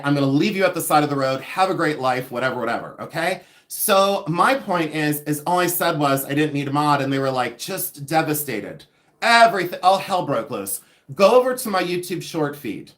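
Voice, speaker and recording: A man hosting a live jewelry sale stream, chatting in a gossipy, rambling way with frequent laughter and side stories. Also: fairly high pitch. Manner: gossipy, animated, laughs often, rambling asides. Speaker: livestream host selling vintage jewelry. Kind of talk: chatty livestream monologue.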